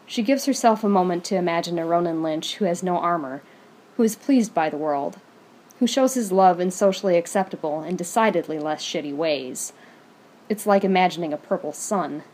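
A woman reads fan fiction aloud in a steady, even storytelling manner. Her voice sits on the low side. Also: a little hiss or hum.

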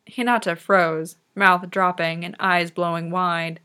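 A woman reading fan fiction aloud in soft, unhurried narration. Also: lowish voice, little pitch movement, clear, resonant tone. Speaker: reader.

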